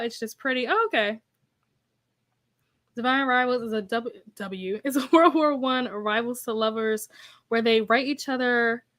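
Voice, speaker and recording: A woman's voice: fairly high pitch, fairly bright tone. A young woman hosting a casual livestream, chatting and reading viewer comments aloud, laughing often. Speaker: host.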